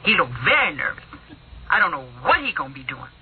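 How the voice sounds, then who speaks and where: A woman's voice: low-pitched, big pitch swings, quick pace, heavy background noise, voice pushed down. A woman voicing a nervous male eyewitness calling in, drawling in slang and stammering. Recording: tinny phone-like radio audio.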